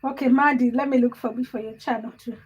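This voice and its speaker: A young woman with a high, bright voice hosts a casual livestream. She chats with viewers by name, teasing them and giggling as she reads the comments. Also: steady tone, quick pace, husky, muffled recording. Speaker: livestream host.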